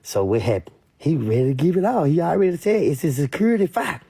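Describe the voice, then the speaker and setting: A man's voice: a little high, big pitch swings, fast, vocal fry, warm tone, breathy edge, no echo. A man with a Louisiana accent giving blunt, emphatic, repetitive commentary in a casual rant. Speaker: online commentator.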